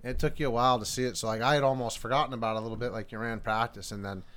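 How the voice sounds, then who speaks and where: A man's voice: medium pitch, steady tone, very fast, a bit bright. A young man chatting in casual podcast talk, laid-back and easygoing, swearing now and then.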